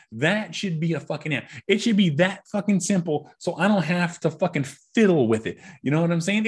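A man's voice: a little high, breathy edge. A man hosting a podcast, ranting angrily and swearing nonstop in a rambling way. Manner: angry, swears constantly, rambling. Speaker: podcast host. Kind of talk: profane ranting monologue.

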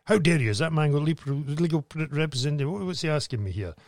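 A man's voice: a little high, lively intonation, quick pace, darkish tone, no echo, clean studio sound. Man mocking a pompous old judge. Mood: indignant. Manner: haughty, scolding.

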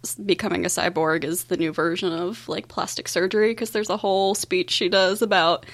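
A woman chatting casually on a comics podcast, quick and quick to laugh. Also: on the low side, fairly even intonation. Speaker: podcast co-host.

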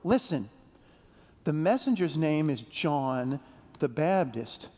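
A man giving a playful children's sermon, telling a story gently and asking the kids questions. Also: a little high, expressive, slow. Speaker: pastor leading a children's message. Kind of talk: children's sermon with call-and-response. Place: large church sanctuary. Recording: long reverb of a big sanctuary.

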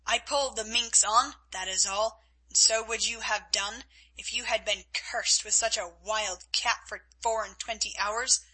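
A woman reading the part of a brutal, gruff male henchman in an audiobook, with a snarling, resentful delivery. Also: mid-range voice, steady tone, measured pace, pushed and bright, low-quality recording.

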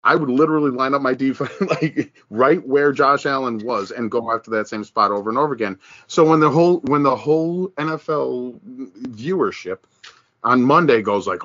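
A man co-hosts a casual podcast and talks about football in a loose, animated way. He trips over himself with restarts and slips into mocking voices when he quotes fans. The sound is a little dull and lo-fi. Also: mid-range voice, moderate pace, no echo. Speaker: podcast co-host. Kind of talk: casual sports chat.

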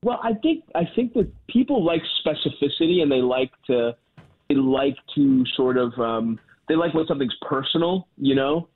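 A man's voice: on the high side, animated, moderate pace. A man, a comedian guest chatting casually, rambling and self-deprecating with many fillers and restarts. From Baltimore. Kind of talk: casual phone interview. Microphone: phone. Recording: tinny phone line.

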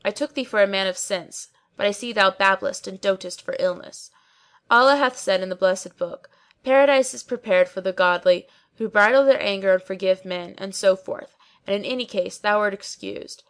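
A woman's voice: mid-range voice, moderate pace, lightly acted. A woman voicing a garrulous, pompous old male barber who talks on and on, full of pious sayings. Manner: long-winded, pious, quoting sayings.

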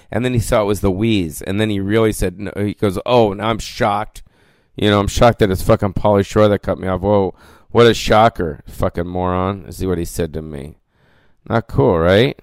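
A man's voice: sits low, smooth, no echo. Rambling, profane man on a solo podcast rant. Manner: rambling, profane, peppered with "you know what I mean". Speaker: podcast host. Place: lying down indoors.

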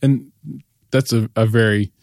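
A man's voice: lowish voice, steady tone, measured pace, darkish tone, no echo, studio quality. An Australian man, a pastor interviewing a guest, asking long, thoughtful questions in a rambling way.

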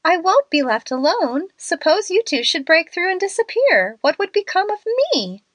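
A woman's voice: very high-pitched, sing-song, normal speed, no echo, pitched above the performer's own voice. A woman voicing a timid, panicky young woman who talks in a fretful, pleading way. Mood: frightened.

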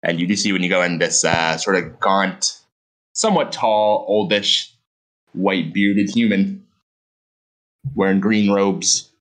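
Deep-voiced man as game master. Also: fairly even intonation, slow pace, long pauses, a bit bright, poor audio. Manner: loose, filler-heavy description. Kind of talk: narrating a tabletop game.

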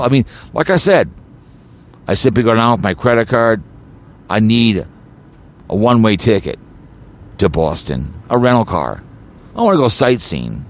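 A man's voice: fairly low pitch, sing-song, moderate pace, long pauses. A man hosting his own podcast, delivering an agitated, rambling rant full of repeats and stumbling restarts. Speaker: podcast host.

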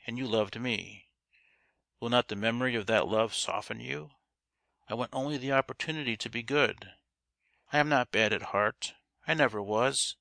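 A man's voice: on the low side, bright, forceful tone, no echo. A man voicing a seductive, scheming woman who mocks and then pleads passionately, in a storybook reading. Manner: mocking then impassioned pleading.

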